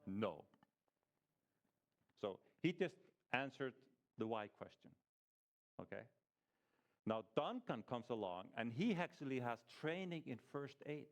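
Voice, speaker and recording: A man's voice: mid-range voice, expressive, unhurried, pauses often. Man teaching a small church group. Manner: conversational, asks the group rhetorical questions, frequent restarts.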